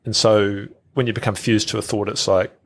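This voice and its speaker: A man's voice: fairly low pitch, little pitch movement, a little fast. A middle-aged man, a podcast guest who talks casually, repeats words and acts out quoted thoughts. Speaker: guest, health researcher.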